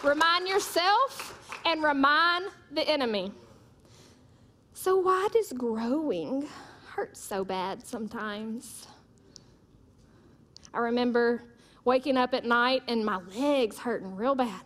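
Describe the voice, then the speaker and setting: Lady preacher, high voice, big emphatic declarations, funny stories. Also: animated, takes it slowly, long pauses, a bit bright. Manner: emphatic, repeats declarations, storytelling with humor. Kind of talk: sermon.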